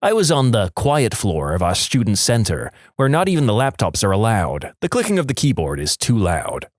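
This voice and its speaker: A man's voice: on the low side, wildly swooping pitch, moderate pace, no echo. A man narrating online stories aloud with a dry, wry delivery on a close microphone. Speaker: story narrator.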